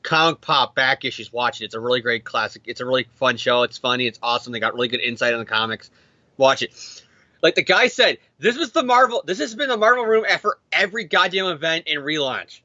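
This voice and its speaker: A man co-hosting a casual comic book chat, ranting with profane, fast asides. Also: medium pitch, lively intonation, bright, forceful tone, dry recording. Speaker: podcast co-host. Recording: dull dry lo-fi mic.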